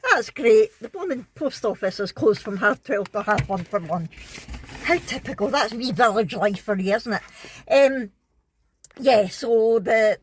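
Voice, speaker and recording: A woman's voice: medium pitch, dry recording. A Scottish woman, middle-aged, chatting casually to camera in a family vlog, rambling with lots of ums and little laughs. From Scotland. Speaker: vlogger.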